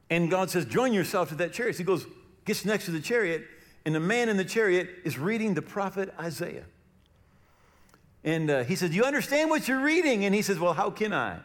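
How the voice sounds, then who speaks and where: Man, pastor, middle-aged, sermon, lively storytelling, fairly high voice. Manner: animated storytelling, acts out quoted voices loudly.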